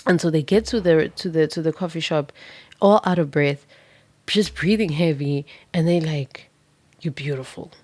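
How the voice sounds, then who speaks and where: A woman's voice: deep voice, moderate pace, darkish tone, dry recording. A woman doing a pick-a-card tarot reading, telling it as a vivid, dramatic story with casual swearing.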